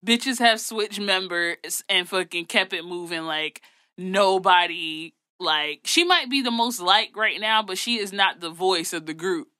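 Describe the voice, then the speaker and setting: A woman's voice: lowish voice, lively intonation, unhurried, pushed and bright, no echo. A woman co-hosting a casual gossip chat, sassy, blunt and profane. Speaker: podcast co-host.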